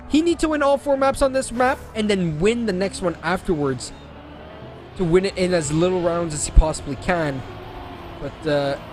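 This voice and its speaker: High-voiced excitable male esports caster. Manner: excitable, jokey, rapid self-corrections. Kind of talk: live play-by-play commentary. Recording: game engine and car noise underneath. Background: racing game sounds.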